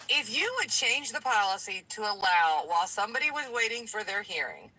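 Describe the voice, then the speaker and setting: A woman's voice: on the high side, pushed and bright, slightly rough, rough recording. A woman in her late forties from Tennessee, calling in to a talk show and telling her story emphatically. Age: late 40s. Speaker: caller. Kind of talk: call-in show conversation.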